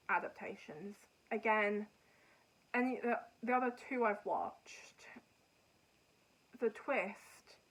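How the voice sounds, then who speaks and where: Woman podcast host, casual and meandering, plain middle pitch, gives frank opinions. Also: fairly bright tone, low-quality recording. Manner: rambling, chatty, frank opinions. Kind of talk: casual chat reviewing books and TV.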